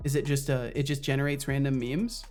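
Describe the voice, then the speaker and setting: A man's voice: medium pitch, flat delivery, a little fast, a little mellow. A male streamer chatting casually with his viewers while he works on his game. He rambles in loose, half-finished sentences, restarting often and swearing freely. Faint music plays behind him. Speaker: streamer and solo game developer. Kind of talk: casual live-stream chat.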